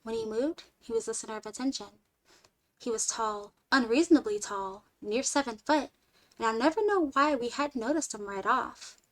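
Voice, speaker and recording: A woman streamer reading a short story aloud in an expressive way, moving between lively and hushed delivery. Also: on the high side, moderate pace.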